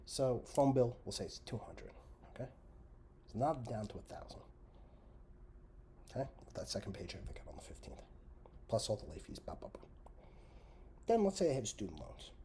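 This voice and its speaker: A man hosting a comedy commentary show, ranting sarcastically and swearing constantly, swinging between loud outbursts and mutters. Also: mid-range voice, sing-song, normal speed, pauses often, a little hiss or hum. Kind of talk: profane comedic rant.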